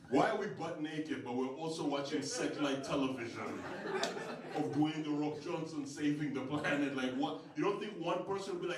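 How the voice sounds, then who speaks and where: A man from Uganda, voice on the high side and at normal speed, performs stand-up at a comedy club with a live audience. He tells animated stories, acts out quoted voices, and does crowd work. The recording is roomy and distant, with crowd and audience noise.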